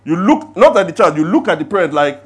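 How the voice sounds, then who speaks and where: High, lively pastor preaching. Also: male voice, fast talker, slight background noise. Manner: animated, swings from hushed prayer to loud storytelling. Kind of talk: sermon. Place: church service.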